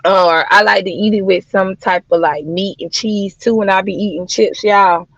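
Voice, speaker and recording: A woman's voice: mid-range voice, steady tone, normal speed, dry recording, muffled recording. A woman chatting casually on a livestream, talking to her viewers like friends, with plenty of swearing and slang. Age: adult mother of daughters. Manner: chatty, swearing, addressing viewers as y'all and child. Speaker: livestream host.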